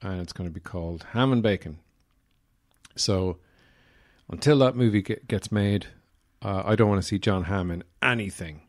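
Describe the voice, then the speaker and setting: A man's voice: low voice, moderate pace. An Irish man hosting a solo podcast, rambling wryly from thought to thought with lots of "uh" fillers. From Ireland. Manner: rambling and digressive, many "uh" fillers; wry, self-deprecating humor. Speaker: podcast host. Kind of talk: casual solo podcast talk.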